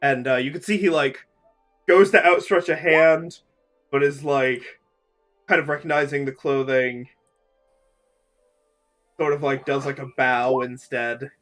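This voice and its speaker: Brief: casual male game master, describing actions haltingly with many fillers; light background music. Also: medium pitch, steady tone, a bit bright. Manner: halting, filler-heavy narration. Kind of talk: narrating a tabletop game.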